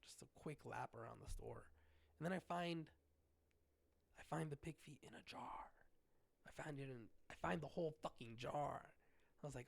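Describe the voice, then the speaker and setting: Animated, foul-mouthed man telling a story. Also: on the high side, moderate pace, creaky, pauses often, no echo. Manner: animated, heavy cursing, lots of restarts. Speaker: podcast host. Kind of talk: casual solo storytelling.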